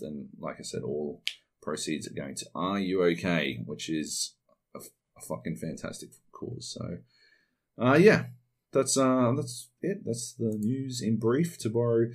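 An Australian man hosting a podcast alone, rambling casually and swearing freely. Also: sits low. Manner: rambling, heavy swearing, animated. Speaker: podcast host. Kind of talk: casual solo podcast monologue.

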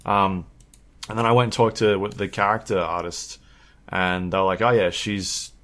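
Low-pitched male podcast co-host, rambling casual delivery. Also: moderate pace. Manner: rambling, filler-heavy, animated when telling stories. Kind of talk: casual chat.

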